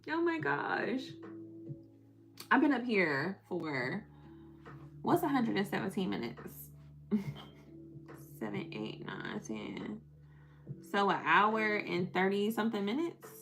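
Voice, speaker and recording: A woman's voice: mid-range voice, sing-song, slow, gravelly, pauses often, fairly bright tone, soft background music. A young woman with a Southern US accent, tired, chatting on a live stream, reading the chat aloud and laughing often.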